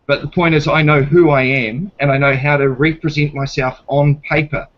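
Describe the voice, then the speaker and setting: This is a man with a New Zealand accent, blunt and given to swearing, and his voice sits somewhat high for a man. He is caught on dull, lo-fi audio. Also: fairly even intonation, normal speed. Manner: blunt, swearing, retells a police stop acting out both sides. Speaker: guest. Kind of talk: casual debate chat.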